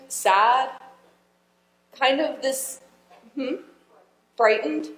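Woman pastor preaching in an echoey hall. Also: on the high side. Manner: conversational, asks the congregation questions. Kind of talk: sermon.

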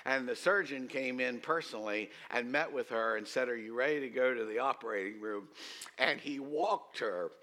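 A man preaching in a church, his voice bright and ringing. He leads the congregation in call-and-response. He swings between loud, emphatic declarations and hushed, low storytelling. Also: moderate pace. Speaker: pastor. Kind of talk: sermon. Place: church sanctuary.

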